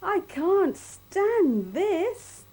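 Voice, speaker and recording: A worn-out storybook father bear, groaning his complaints in a slow, stretched-out whine that rises high, as a woman voices him. Every grumble is drawn out as if he is at the end of his tether. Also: big pitch swings, warm tone, full character voice, poor audio. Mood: exasperated. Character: weary, exasperated father bear who cannot sleep.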